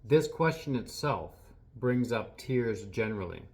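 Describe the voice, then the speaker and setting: A man who works as a healing practitioner, speaking earnestly in a soft reflective monologue with frequent pauses and restarts. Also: medium pitch. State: a little teary.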